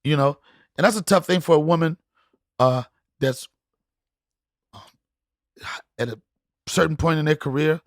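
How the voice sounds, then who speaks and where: A middle-aged man, a guest comedian, telling stories in podcast chat, animated and acting out voices with frequent laughter. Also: a little high, no echo, studio quality. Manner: animated storyteller, acts out voices, laughs often.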